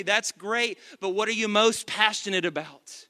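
Impassioned high-voiced pastor. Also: male voice, steady tone, fairly quick. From Dallas area, Texas. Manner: impassioned, builds to shouts. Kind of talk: sermon. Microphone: microphone.

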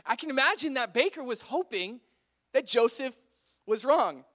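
A young man with a fairly high voice retells a Bible story as casual chat. He keeps it playful and conversational and fills it with "like" and "right?". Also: expressive, moderate pace, pushed and bright. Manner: chatty, playful, often says "like".

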